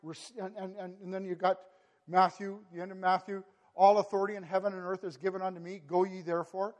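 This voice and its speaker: A man with a high voice delivers a sermon to his congregation. He talks in bursts, repeats words and stacks phrases into rising, emphatic climaxes. His voice rings out with a long reverb, as in a large church sanctuary. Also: flat delivery, fast talker. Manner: impassioned, builds to emphatic peaks with frequent word repeats. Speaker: preacher.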